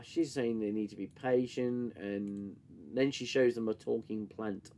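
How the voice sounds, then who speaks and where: A man's voice: medium pitch, unhurried, hardly any pauses, a bit bright. A man hosting a live-stream review, sarcastic and swearing, interrupted by coughing fits. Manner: sarcastic, swears, reads chat and mocks scenes. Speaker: host reviewing a TV show. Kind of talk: casual live-stream commentary.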